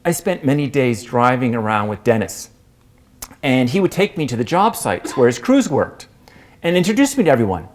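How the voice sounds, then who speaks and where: Expressive male storyteller on stage. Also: normal speed. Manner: expressive, with wide swings in pitch and pace. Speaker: storyteller, performance artist. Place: performance space.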